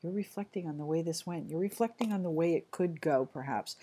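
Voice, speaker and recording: Chatty woman reading tarot, somewhat low voice. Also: mellow, slightly rough. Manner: chatty, halting, apologetic, frequent restarts. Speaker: tarot reader. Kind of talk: casual tarot reading to camera.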